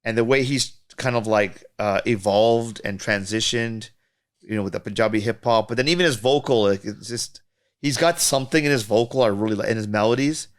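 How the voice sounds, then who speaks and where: Talking fairly quickly in a fairly low voice, a man who works as a music producer shares studio stories on a podcast. His casual, loose storytelling turns animated whenever he imitates other people.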